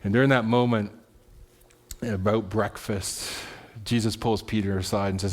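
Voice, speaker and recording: A pastor giving a sermon, retelling a story in a casual, conversational way and often checking in with "right?". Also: male voice, steady tone, normal speed. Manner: drops soft and low at solemn moments.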